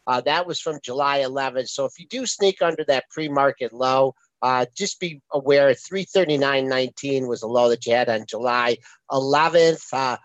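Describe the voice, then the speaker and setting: A man's voice: medium pitch, moderate pace, few pauses, no room sound, lo-fi sound. Number-rattling male co-host. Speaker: co-host, former floor trader. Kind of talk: casual trading talk.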